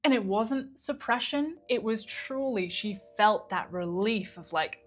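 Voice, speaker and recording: A woman's voice: mid-range voice, animated, a little slow, few pauses, soft background music. A woman working as a mind-body coach, telling a story to camera in a conversational way and re-enacting the words of the people in it.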